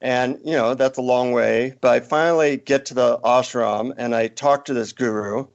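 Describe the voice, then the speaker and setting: Man, podcast guest, storytelling, animated quotes, mid-pitched, muffled lo-fi sound. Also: moderate pace, creaky. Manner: tells an anecdote with animated acted-out quotes. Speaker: author guest. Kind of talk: conversational interview storytelling.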